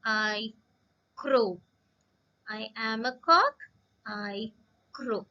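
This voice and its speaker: Slow, patient woman teacher, dull recording. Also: fairly high pitch, lively intonation, sharp tone. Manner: slow and patient, repeats words, often addresses the children. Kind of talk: recorded classroom lesson for young children.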